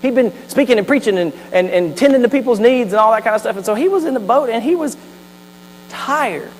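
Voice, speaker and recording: In a church sanctuary, a pastor tells a story animatedly during his sermon, tossing in asides. His voice is extremely high and lively, a little fast, and the recording carries hall reverb plus a faint mains hum.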